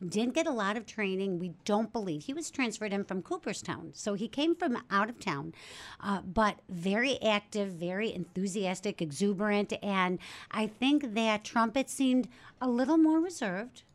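A woman's voice: medium pitch, expressive, normal speed. Chatty woman from an animal shelter. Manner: chatty, self-correcting, enthusiastic. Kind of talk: casual studio interview.

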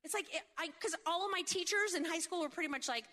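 Bright, high-voiced woman preaching with humor. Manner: animated, jokey storytelling with quick asides; seeks agreement with frequent rhetorical questions. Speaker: speaker at a faith event. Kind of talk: humorous sermon.

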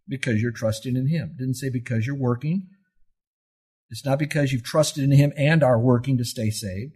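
A pastor in his seventies teaches through an emphatic sermon, asking rhetorical questions and telling listeners to circle and underline words. His voice is on the high side with a breathy edge, at a moderate pace.

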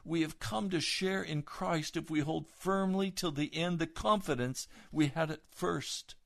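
Gravelly male pastor preaching urgently. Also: fairly high pitch, unhurried. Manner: urgent, exhorting, rising to stern emphasis. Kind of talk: fervent sermon.

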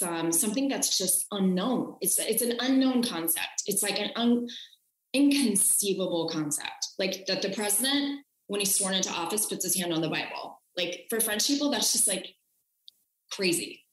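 An American woman, a podcast guest in a casual conversation, chats in an echoey room with frequent fillers and restarts. Her voice is medium-pitched with lively intonation and a measured pace.

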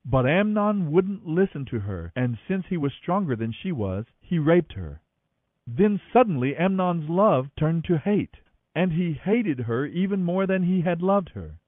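A man narrates scripture in an animated, expressive reading style. His voice sits a touch high and moves widely in pitch. The sound is thin and phone-like, with a dry, close feel. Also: a little slow, dry recording. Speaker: Bible reader, podcast host. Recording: tinny phone-like audio, dry.

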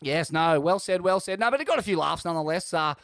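An Australian man co-hosting a podcast, chatting casually in a rambling, sweary, animated way. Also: fairly high pitch, fast, dry recording, clean studio sound. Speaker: podcast co-host. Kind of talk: casual chat.

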